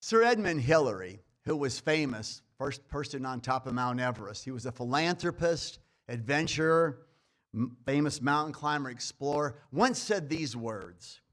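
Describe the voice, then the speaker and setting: Brief: Brooklyn-accented dean, folksy and emphatic, opening an awards ceremony in a college event hall. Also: male voice, mid-range voice, expressive, moderate pace, fairly bright tone. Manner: folksy, emphatic, with rhythmic rhetorical lists. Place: college event hall before a live audience.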